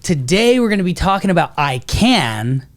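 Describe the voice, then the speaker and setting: A man co-hosting a casual business talk, telling stories in a lively way, laughing often and acting out the people he quotes. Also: high voice, normal speed. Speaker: co-host of a business talk show.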